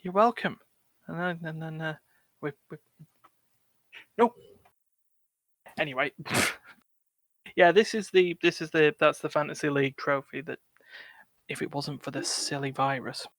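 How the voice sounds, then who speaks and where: A man from England hosting a casual gaming podcast, rambling and quick to laugh. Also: fairly high pitch, a bit bright, no room sound. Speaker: podcast host. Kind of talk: casual chat.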